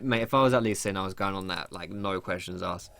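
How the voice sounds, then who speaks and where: Fast-talking young man. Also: low voice, vocal fry, a bit bright, slight background noise. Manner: chatty, rambling, swears when surprised. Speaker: gameplay commentator. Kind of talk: casual gameplay tutorial commentary.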